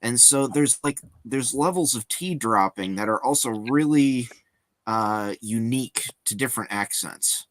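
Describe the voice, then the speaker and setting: A man's voice: medium pitch, animated, measured pace, no echo. A man co-hosting a casual talk show, explaining at length with many fillers and small hesitations. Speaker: co-host. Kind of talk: casual chat.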